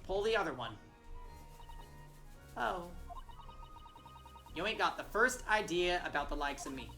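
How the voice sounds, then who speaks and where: A defiant street-urchin girl pickpocket, as a woman reads her for a game, trusting no one. She talks in a gruff mock Texas drawl full of clipped slang. The tone is bright and pointed, with faint music behind. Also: on the low side, animated, a little slow, exaggerated voice, poor audio.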